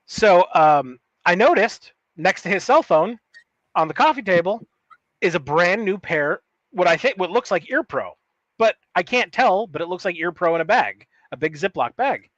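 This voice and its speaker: A man's voice: sits high, lively intonation, normal speed, a bit bright, dry recording, lo-fi sound. A man co-hosting a podcast, telling a long story in a rambling, profane, casual way with many restarts. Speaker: podcast co-host.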